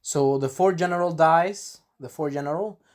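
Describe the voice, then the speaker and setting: A man giving a casual spoken episode recap, animated and breaking into character voices, clearing a scratchy throat. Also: normal speed. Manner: animated, acts out characters in sudden high voices. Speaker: video reviewer.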